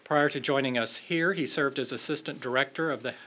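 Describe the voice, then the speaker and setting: A man's voice: mid-range voice, a little fast, pushed and bright. A man opening a lecture event, reading a formal introduction of the next speaker with small stumbles. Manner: reading a bio, slight stumbles. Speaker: event host for an institution. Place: lecture hall.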